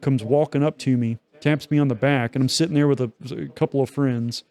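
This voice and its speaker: A man's voice: mid-range voice, fairly even intonation, a little fast, warm tone. A young man co-hosting a podcast, telling a long story in loose, profane casual chat with many fillers. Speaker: podcast co-host.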